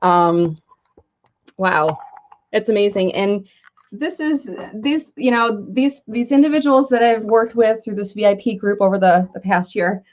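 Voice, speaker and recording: A woman's voice: mid-range voice, unhurried, a little mellow. A middle-aged woman chatting on a live video, gushing and effusive as she opens a gift box. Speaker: marketing consultant unboxing a gift on a live video. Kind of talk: impromptu live unboxing chat. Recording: slightly dull lo-fi audio.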